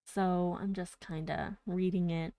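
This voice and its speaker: A woman's voice: lowish voice, fairly even intonation, measured pace, dark tone. A woman streaming a casual live story reading, narrating the text and breaking off into chatty, giggly asides.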